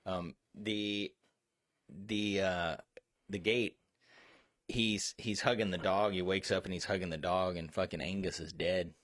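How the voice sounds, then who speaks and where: Co-host, male, low voice, rambling and swears a lot, dry close recording. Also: a little slow, no echo. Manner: profane, excitable, rambling. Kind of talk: casual chat.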